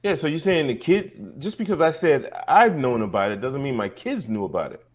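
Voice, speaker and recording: A man's voice: mid-range voice, lively intonation, brisk. A man co-hosting a casual discussion podcast, laid-back, often agreeing and laughing along. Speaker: podcast co-host.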